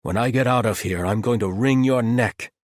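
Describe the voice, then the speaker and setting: A man's voice: mid-range voice, lively intonation, normal speed, creaky, husky, no echo, clean studio sound, pitched above the performer's own voice. A man doing a hot-headed paladin. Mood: furious. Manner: forceful, shouting. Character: angry young male paladin, hot-headed. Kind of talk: audiobook character voice.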